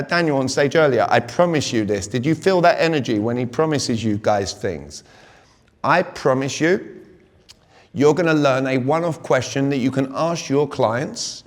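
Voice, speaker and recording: A British man in his forties giving an energetic live sales talk at a conference, constantly quizzing the audience. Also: mid-range voice, normal speed. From Britain. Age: 40s. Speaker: conference speaker. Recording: long reverb of a big hall.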